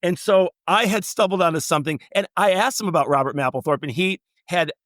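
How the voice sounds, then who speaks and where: Man, middle-aged, fairly high voice, dry close mic, anecdotal storyteller, quotes people as he goes. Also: fairly quick, a bit bright, dry recording. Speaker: travel writer guest. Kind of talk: storytelling interview.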